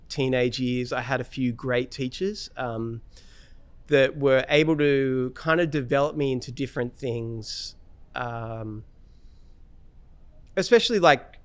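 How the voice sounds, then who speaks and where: A man with an Australian accent tells stories in a relaxed, rambling interview style. His voice is smooth and resonant at a middle pitch. The sound is dry and close to the mic. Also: no room sound. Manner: relaxed storytelling with many fillers and restarts. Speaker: guest guitarist. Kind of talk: casual interview chat.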